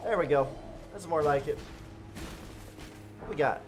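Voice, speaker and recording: A man giving chatty live gameplay commentary as a streamer, talking straight to his viewers and breaking into excited outbursts. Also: on the high side, a little slow, background noise. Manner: chatty, addresses viewers directly. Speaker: gaming streamer.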